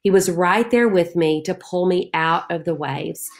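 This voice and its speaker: A woman's voice: lowish voice, measured pace. A woman leading a Bible study, reading scripture aloud and speaking to listeners in an earnest, heartfelt way. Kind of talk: devotional Bible teaching.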